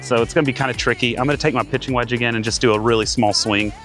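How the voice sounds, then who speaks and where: A man in his thirties giving casual play-by-play of his own golf round outdoors, getting excited and talking to himself between shots. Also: mid-range voice, rapid-fire, faint music behind. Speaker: golf vlogger.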